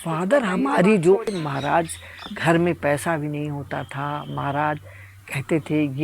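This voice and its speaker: An elderly man in his eighties, recalling his family history in a rapid, matter-of-fact way. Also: a little high, creaky, a crowd in the background. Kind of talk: personal recollection.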